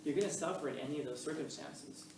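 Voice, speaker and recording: A man with a fairly high voice teaches a philosophy class, telling stories and acting out the voices in them. The mic sits some way off in a reverberant classroom, with a faint hum of room noise behind him. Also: quick pace, vocal fry. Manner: animated storytelling, acts out voices in anecdotes. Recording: echoey room, mic at a distance.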